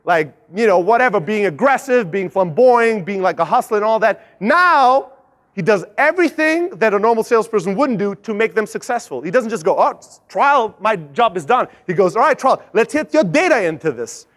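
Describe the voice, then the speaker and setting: A young man speaking at a conference, telling a lively sales story, swearing freely and acting out the other people's lines. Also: high-pitched, moderate pace. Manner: animated, swears, acts out quoted voices. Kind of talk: energetic storytelling talk. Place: conference stage.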